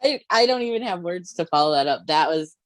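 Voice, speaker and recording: A woman's voice: fairly low pitch, lively intonation, a little fast, no room sound. A woman hosting an interview podcast, laughing along and asking her guest follow-up questions. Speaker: podcast host. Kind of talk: interview chat.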